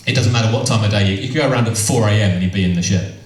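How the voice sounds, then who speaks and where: A man's voice: fairly low pitch, rapid-fire. A man doing stand-up storytelling, rambling and repeating himself with amused asides. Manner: rambling, self-interrupting, amused. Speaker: stand-up comedian. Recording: echoey room from far off.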